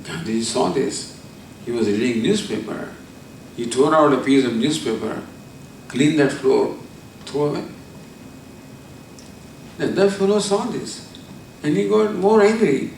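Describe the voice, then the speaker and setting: A man, giving a spiritual discourse. He tells a story and then explains Sanskrit terms slowly, repeating them. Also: a little high, animated, vocal fry. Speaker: spiritual teacher. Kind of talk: discourse on scripture. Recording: echoey hall from far off, faint noise.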